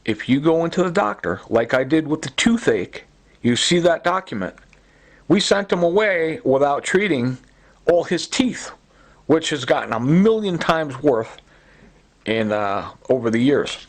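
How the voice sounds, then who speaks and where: A middle-aged man records himself making a complaint, his voice on the high side, animated yet at a measured pace. His personal testimony is rambling and agitated, full of fillers and repetition.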